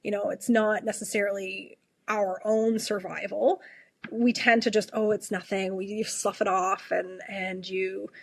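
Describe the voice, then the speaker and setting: A woman's voice: medium pitch, flat delivery, unhurried, vocal fry, husky, no room sound. A woman from Canada, an ER nurse, telling a personal story as a podcast guest in an earnest way, often restarting and repeating herself. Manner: earnest, frequent self-restarts, repeats her questions.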